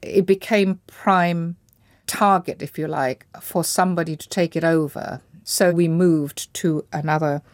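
A woman's voice: fairly low pitch, steady tone, unhurried, no echo. Reflective woman recalling her childhood. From Indonesia. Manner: thoughtful, searching for words, frequent restarts. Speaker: interview guest. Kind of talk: reflective personal recollection.

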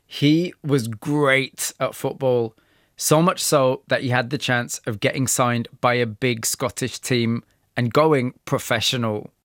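Radio presenter, man, mid-pitched, dry studio read, measured and empathetic. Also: fairly even intonation, fairly bright tone, no room sound. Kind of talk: scripted narration and interviewing.

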